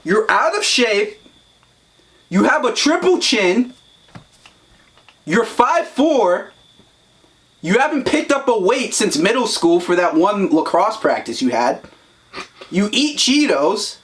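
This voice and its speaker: Higher-voiced man lecturing bluntly. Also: big pitch swings, slow pace, long pauses, a bit bright. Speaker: podcast co-host. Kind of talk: casual podcast chat.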